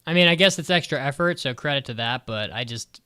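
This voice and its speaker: A man's voice: mid-range voice, lively intonation, fast talker, pushed and bright, clear, resonant tone. A man co-hosting a podcast, chatting casually with blunt, profane opinions and lots of filler words. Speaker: podcast co-host. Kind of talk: casual chat.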